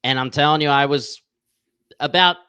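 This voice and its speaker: Smooth-voiced podcast host man. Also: on the high side, normal speed, no echo. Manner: energetic, promotional, talks to listeners directly. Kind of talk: casual podcast chat.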